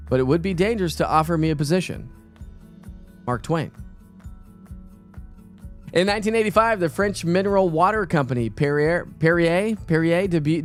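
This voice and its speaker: Chatty weatherman, slightly high voice. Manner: chatty, rambling, filler-heavy. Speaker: TV weather forecaster. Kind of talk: casual morning weather show.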